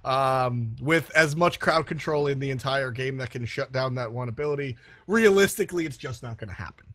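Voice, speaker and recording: A man casting an esports match, chatty and quick to laugh, often restarting his sentences. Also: medium pitch, fairly bright tone, no echo. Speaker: esports caster. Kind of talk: play-by-play commentary.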